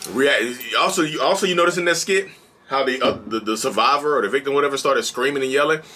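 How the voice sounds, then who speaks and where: A man vlogging about mental health, bouncing with energy and preaching in loose, colloquial talk. His voice is bright and forceful, with a medium pitch. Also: fast. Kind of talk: casual direct-to-camera vlog.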